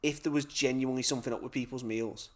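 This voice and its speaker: A young man co-hosts a podcast in casual chat. He talks quickly and tells his stories with lots of swearing, slipping into the voices of the people he quotes. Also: mid-range voice. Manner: swearing, animated storytelling with acted-out quotes. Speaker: podcast co-host.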